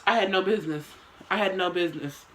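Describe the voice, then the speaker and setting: A woman's voice: fairly low pitch, fast talker, fairly bright tone, slight background noise. A young woman telling a story to her camera in casual slang, with swearing and lots of dramatic asides.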